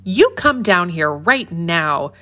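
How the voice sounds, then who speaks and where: Bossy lil girl in a kids story, bright voice, woman reading her. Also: on the low side, big pitch swings, takes it slowly, exaggerated voice. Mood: firm. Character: firm young girl in a storybook. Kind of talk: children's story read-aloud.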